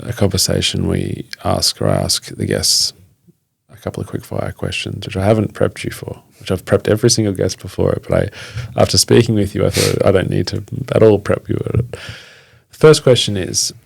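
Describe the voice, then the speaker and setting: Podcast host guy, deep and really gravelly, kinda halting. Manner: warm, halting questions with fillers. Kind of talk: interview questions.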